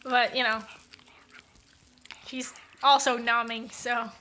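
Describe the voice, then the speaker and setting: Chatty high-pitched woman streaming from home. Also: level tone, slow pace, pushed and bright, a little hiss or hum. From Canada. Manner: chatty, rambling, lots of fillers and swearing. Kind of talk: casual live-stream chat. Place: home, indoors.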